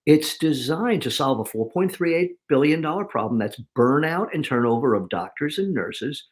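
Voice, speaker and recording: A man as an interview guest, talking in an animated way and acting out inner voices in quotes. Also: fairly high pitch, moderate pace. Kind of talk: casual interview talk.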